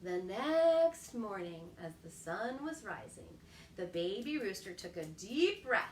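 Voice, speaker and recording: A woman hosting a children's storytime, reading aloud in an animated, exclamatory way and asking the children questions. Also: mid-range voice, slow pace, roomy sound, recorded from a distance, a little hiss or hum. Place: home kitchen.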